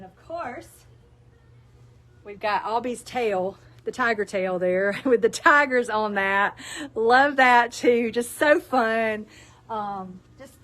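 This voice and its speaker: A woman's voice: mid-range voice, fairly bright tone, slight background noise. Chatty Southern woman selling from her shop. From South Alabama. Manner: chatty, laughs often, folksy asides to viewers. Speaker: store owner presenting products. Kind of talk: casual live-stream sales chat.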